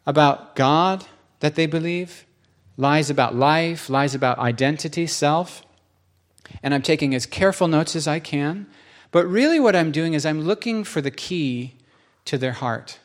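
A man's voice: a little high, unhurried. A man preaching a sermon in a church, speaking conversationally and acting out quotes with rising emphasis.

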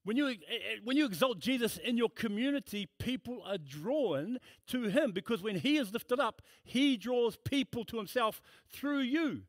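Emphatic high-voiced male preacher. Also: lively intonation, normal speed, hardly any pauses, no room sound. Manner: emphatic, repetitive preaching with storytelling asides. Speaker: pastor. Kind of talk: sermon. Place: church.

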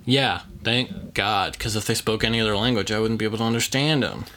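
A man with a lowish, sharp-toned voice talks fairly quickly as co-host of a movie podcast. His casual review chat rambles and jokes, full of fillers.

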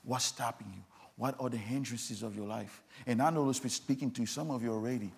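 Male pastor, sermon, insistent and repetitive, gravelly husky voice. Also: medium pitch, fairly quick, a little mellow.

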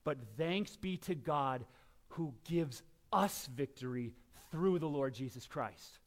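A middle-aged man delivering a sermon as pastor. His voice sits high, and he swings from hushed, low asides to loud, emphatic shouts. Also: takes it slowly.

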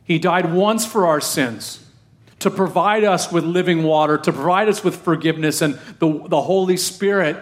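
Middle-aged male pastor, slightly high voice, chatty sermon that keeps asking the congregation questions. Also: moderate pace. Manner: conversational preaching with questions to the congregation.

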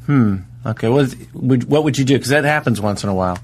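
A man hosting a comedy podcast, teasing his guest in playful, halting banter. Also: mid-range voice, a little hiss or hum. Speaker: podcast host.

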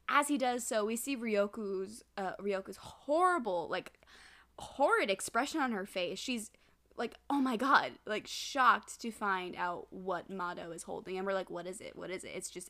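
A woman chatting on a podcast, her mid-pitched voice rising and falling a lot as she replays scenes with dramatic flair. She laughs often and teases her co-host. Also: pushed and bright. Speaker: podcast co-host recapping an anime. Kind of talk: casual chat.

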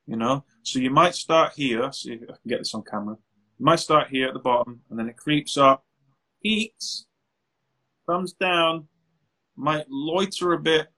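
A man with a somewhat husky voice talks through his work as an anxiety therapist. He answers questions in an easy, animated way, acting out exchanges with clients, and his voice sits a little high for a man. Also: rough recording. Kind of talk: conversational interview answers.

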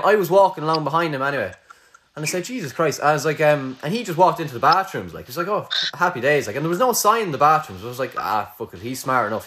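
A man's voice: fairly high pitch, bright, forceful tone. A man with an Irish accent hosting a podcast in casual chat, laid-back, swearing freely and laughing easily. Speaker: podcast host.

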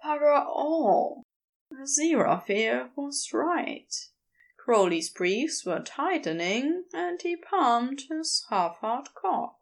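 A woman narrating fan fiction aloud with expressive storytelling. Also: high voice, slow pace, creaky.

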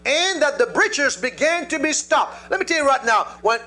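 A male preacher delivering a sermon, telling a story and calling out to the congregation in an animated way. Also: extremely high pitch, moderate pace.

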